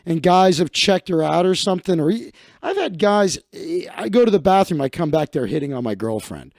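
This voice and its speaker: A man's voice: lively intonation, a little fast, gravelly, a little mellow, no echo, studio quality. A man from Chicago hosting a livestream in a casual comedic rant, swearing and acting out other people. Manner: swearing, acts out others in higher voices. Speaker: livestream host.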